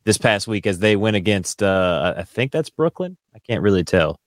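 A man's voice: lowish voice, big pitch swings, normal speed, no room sound, studio quality. A man hosting a podcast in casual chat, with laid-back, rambling banter. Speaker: podcast host.

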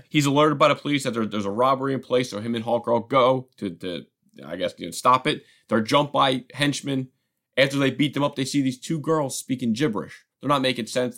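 A man co-hosting a podcast in casual chat, animated as he tells stories and often restarts his sentences. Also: medium pitch. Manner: animated storyteller, acts out quotes; rambling with frequent restarts. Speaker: podcast co-host.

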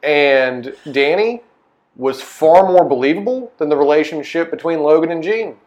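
A man in a casual movie chat with friends, making wry, deadpan jokes. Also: a little high, normal speed, a crowd in the background.

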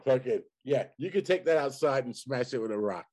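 A man's voice: mid-range voice, expressive, a little fast, a little mellow. A man co-hosting a podcast in casual, profane banter, rambling and trading crude mock insults. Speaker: podcast co-host.

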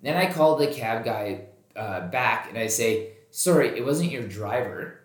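A man's voice: mid-range voice, unhurried. A man in the middle of his range spins a casual tale, swearing freely and slipping into the voices of the people he quotes. His voice carries a noticeable room echo, as if recorded in a bare space. He talks the way a podcast host talks with a friend. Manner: animated, acts out quoted dialogue, swears freely. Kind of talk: casual storytelling. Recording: roomy echoey recording.

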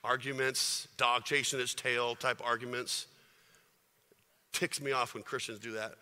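A man preaching a sermon to his congregation, chatty and full of rhetorical questions, building to forceful passages. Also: medium pitch, steady tone, measured pace. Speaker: pastor. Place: church sanctuary. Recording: reverberant hall.

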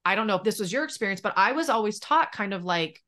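A woman business coach, a podcast guest, telling a candid personal story in an animated conversational way. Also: medium pitch, fast talker. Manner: animated, acts out quoted exchanges in lively voices.

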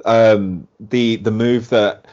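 Rambling co-host full of "like"s. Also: male voice, fairly low pitch, takes it slowly, dull audio. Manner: rambling, filler-heavy, animated. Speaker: podcast co-host. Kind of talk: casual podcast chat.

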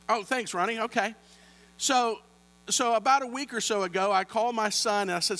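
A man's voice: high-pitched, fairly quick, a bit bright, in a large hall. A man, preaching a sermon with humorous stories and playful asides to the congregation, on a handheld microphone. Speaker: pastor.

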